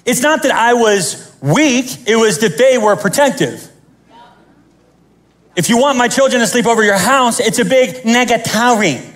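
A man preaching a sermon as pastor, animated and joking, acting out the scenes he tells. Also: very high-pitched, unhurried.

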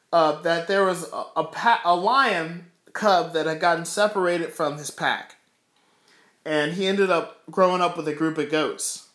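A man's voice: high-pitched, pushed and bright. A man preaching fervently with rhetorical questions and emphatic repeats, then leading a prayer. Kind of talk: sermon with closing prayer. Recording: roomy echo.

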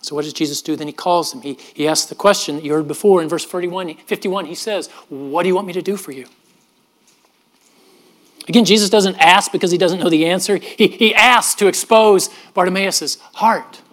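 A middle-aged man, a pastor, preaching a sermon in an earnest manner, often dropping his voice softly and repeating words as he goes. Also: high voice, steady tone, brisk, hardly any pauses. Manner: earnest, with frequent soft drops and repeated words.

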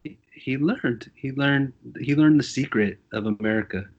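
A man's voice: mid-range voice, normal speed, muffled recording. A man who is a school teacher and musician, a guest in a casual podcast chat, talking with sarcastic emphasis.

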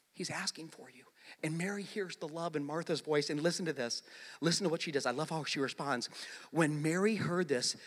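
A man preaching a sermon in a bright, high voice that rings out with long reverb across a large hall. He swings from hushed, near-whispered lines to shouted peaks. He drives his points home by repeating them. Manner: repeats phrases for emphasis. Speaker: pastor.

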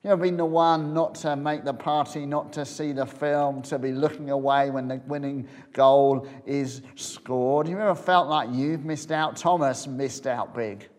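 A man preaching a sermon, retelling a story as if picturing it, dropping to a hush and then rising again. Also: medium pitch, steady tone, a little slow, few pauses, in a large hall. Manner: storytelling, imagining scenes aloud, swinging from loud to hushed.

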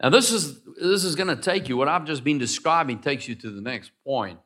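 A man preaching a sermon as pastor, swinging between loud calls and quiet asides and having the congregation repeat phrases after him. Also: on the high side, expressive, fairly quick.

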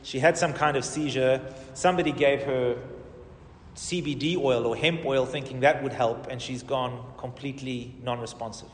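A middle-aged man, a pastor, telling a testimony in a sermon with animated storytelling that swings from loud to soft. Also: medium pitch, normal speed. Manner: animated storytelling, rising and falling in volume. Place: church hall. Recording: roomy hall reverb, distant mic.

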